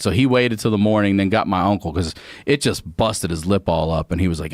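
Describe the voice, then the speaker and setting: Fortyish male guest, low register, dry close mic; casual, swearing storyteller who voices the other characters. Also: brisk, dry recording. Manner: lively, profane anecdote telling with quoted voices. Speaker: podcast guest. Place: podcast studio.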